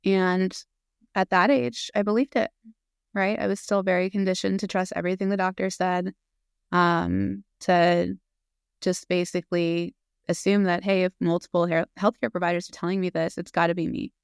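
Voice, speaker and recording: A woman in her thirties speaks as a podcast guest in an open, earnest, unscripted way, dropping in "um"s as she goes. Her voice is smooth and resonant, with a gravelly edge. The recording is close and dry. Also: lowish voice, little pitch movement, moderate pace, dry recording. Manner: earnest and open, with fillers and laughs. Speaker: guest, physician assistant. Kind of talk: casual interview conversation.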